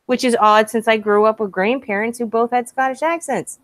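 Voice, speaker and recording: A woman co-hosting a relaxed gaming talk, chatty and quick to laugh. She swears casually throughout, and the sound is dry and close with no room behind it. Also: on the high side, no room sound. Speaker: podcast co-host. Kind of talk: casual chat.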